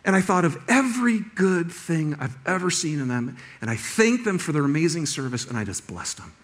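A middle-aged male pastor giving a sermon, telling a personal story with lively restarts and laughter. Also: fairly high pitch, fairly quick.

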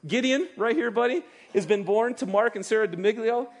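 Male pastor, middle-aged, high-pitched voice, animated sermon delivery with acted-out asides. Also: brisk. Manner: animated, acts out quoted voices of God and listeners.

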